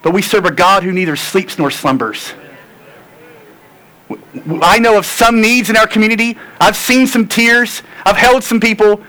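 A man's voice: high voice, pushed and bright, poor audio. A man preaching a sermon, earnest and tired, repeating phrases for emphasis. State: tired and sore. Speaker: pastor.

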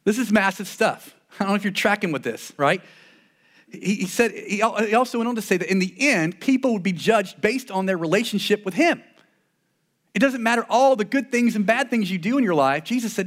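Male pastor, high voice, earnest conversational sermon delivery with frequent restarts. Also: lively intonation, moderate pace, a bit bright.

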